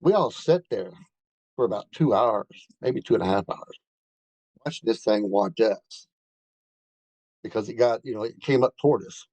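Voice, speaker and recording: A man's voice: lowish voice, lively intonation, moderate pace, long pauses, a little mellow, no echo, low-quality recording. A man telling a rambling first-hand story in a casual way, with many fillers and restarts. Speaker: bigfoot researcher telling an encounter.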